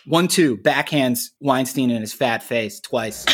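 A man's voice: mid-range voice, sing-song, takes it slowly, pauses often, loud music behind the voice. A man co-hosting a podcast, telling stories in a blunt, profane, amused way. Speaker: podcast co-host. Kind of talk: casual podcast chat.

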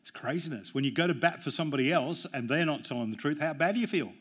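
A man's voice: fairly high pitch, expressive, fast talker, a bit bright. A man preaching a sermon as pastor, mixing jokes and family stories with emphatic, rising points. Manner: jokey, storytelling preacher with emphatic rises.

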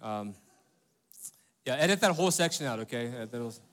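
A man's voice: mid-range voice, lively intonation, quick pace, a bit bright. A man preaching a sermon as pastor, talking in a conversational way and asking rhetorical questions, often checking in with "right?" and "okay?".

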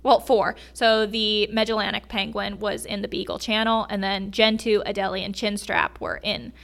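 A woman with a bright, crisp voice chats as a podcast guest. She tells animal stories with open enthusiasm and laughs along the way. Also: mid-range voice, level tone, moderate pace. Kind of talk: casual storytelling chat.

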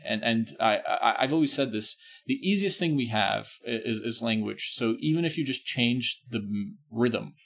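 A man's voice: medium pitch, expressive, moderate pace, creaky, few pauses, a bit bright. A man hosting a podcast in casual chat, talking in a rambling, emphatic way and correcting himself as he goes. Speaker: podcast host.

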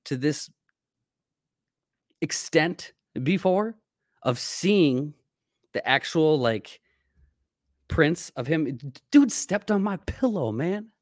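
A man co-hosting a podcast in casual chat, chiming in with quick agreement and laughs. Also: on the high side, very animated, no room sound, studio quality. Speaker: podcast co-host.

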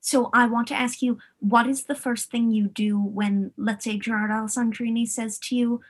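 A woman interviewer with a slightly high, husky voice. She asks direct questions and offers short encouraging replies to her guest. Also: fairly even intonation, moderate pace.

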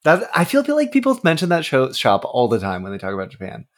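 A man's voice: medium pitch, huge pitch swings, quick pace. A man co-hosting a podcast who designs games, chatting in an upbeat, enthusiastic way. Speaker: podcast co-host, game designer. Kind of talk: casual podcast chat.

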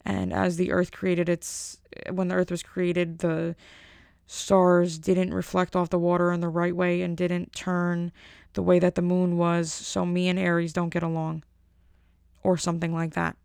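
Gravelly rambling woman. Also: fairly low pitch, completely flat delivery, unhurried, a little mellow, dry recording, clean studio sound. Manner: rambling, self-interrupting, jokey. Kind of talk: comedic monologue.

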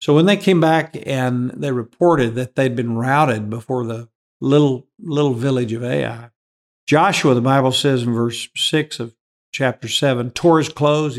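A man's voice: medium pitch, creaky. A man, a pastor, giving an earnest, emphatic Bible teaching and repeating key phrases for weight.

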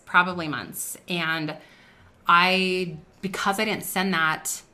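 Bright-voiced woman giving earnest faith talk. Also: fairly low pitch. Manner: earnest, conversational, personal storytelling. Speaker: podcast host. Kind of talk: faith-based business talk.

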